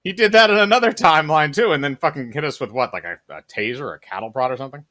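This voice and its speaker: A man co-hosting a let's play, joking and swearing loudly in casual commentary. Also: a little high, lively intonation, racing, dry recording. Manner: loud, joking and profane.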